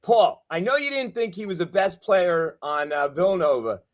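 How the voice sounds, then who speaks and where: A high-voiced man hosts a casual sports chat over a video call. He teases his co-hosts and jokes about himself in a chatty, loose way. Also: animated, normal speed. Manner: teasing, chatty, self-deprecating. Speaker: show host.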